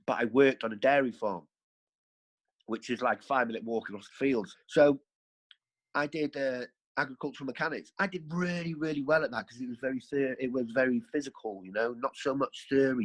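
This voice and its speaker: A man's voice: mid-range voice, low-quality recording. A man, a podcast guest, telling his life story in a rambling, earthy way, correcting himself as he goes. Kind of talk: candid storytelling.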